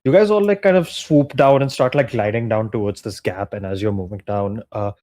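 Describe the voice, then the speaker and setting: A man's voice: on the low side, fairly quick, darkish tone. A young man narrating as game master in a tabletop game, casual and full of fillers, often laughing.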